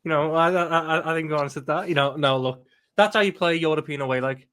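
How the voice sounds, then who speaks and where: A man's voice: a little high, fast talker, a bit bright, smooth. A man giving an emphatic post-match reaction as a football fan pundit, often stumbling and restarting his sentences.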